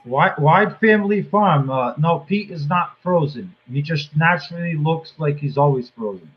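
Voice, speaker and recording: A man's voice: a little high, normal speed, slightly rough, dull audio. A man in a casual live chat, teasing the others in playful banter.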